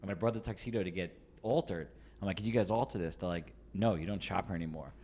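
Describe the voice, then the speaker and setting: A man's voice: low voice, fast, a little mellow. A man co-hosting a casual podcast, telling long rambling stories full of fillers and restarts. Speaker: podcast co-host. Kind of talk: casual chat.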